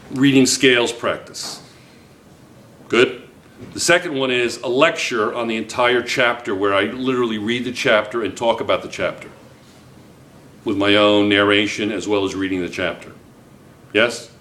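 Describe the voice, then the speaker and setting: A man teaching a chemistry class, lecturing with lots of quick checks on whether students follow. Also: on the low side, echoey room, slight background noise. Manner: lively, keeps checking students with "yes or no?".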